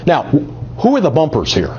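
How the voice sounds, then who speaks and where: A man's voice: on the high side, huge pitch swings, normal speed, dark tone. A man giving a live marketing workshop at a meetup, energetically coaxing volunteers from the audience to join in. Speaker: marketing presenter. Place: meeting room at a group meetup. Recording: dull lo-fi audio.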